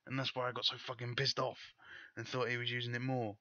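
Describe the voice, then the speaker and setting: A man's voice: mid-range voice, monotone, fast talker, pushed and bright, no echo, highs cut off. A man giving frustrated live gameplay commentary, swearing often and breaking into angry outbursts. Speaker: gaming YouTuber.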